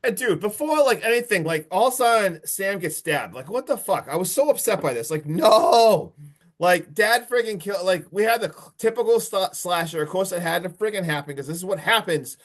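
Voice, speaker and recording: Excitable man recapping a horror film. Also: high-pitched, brisk. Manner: excitable, profane, recounts plot with swearing and laughs. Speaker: podcast host. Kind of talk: casual movie review chat.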